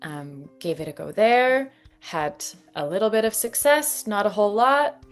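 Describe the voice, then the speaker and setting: A Canadian woman in her thirties, an actress and dialect coach telling her story in an interview, lively and often laughing. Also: medium pitch, measured pace, faint music behind. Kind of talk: conversational interview.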